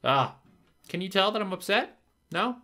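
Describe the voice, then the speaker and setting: A man narrates his own gameplay, frustrated and swearing as he mutters to himself. His pitch moves a lot, from low grumbles to sudden loud outbursts, and his tone is bright and forceful. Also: animated, normal speed. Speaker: gaming video creator. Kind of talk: gameplay commentary.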